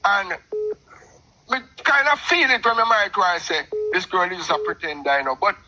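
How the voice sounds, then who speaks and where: A middle-aged Jamaican man telling a long personal story in patois, animated and talkative, calling in to a show. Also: high voice, a little fast, highs cut off, slight background noise. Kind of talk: casual storytelling on a call-in show.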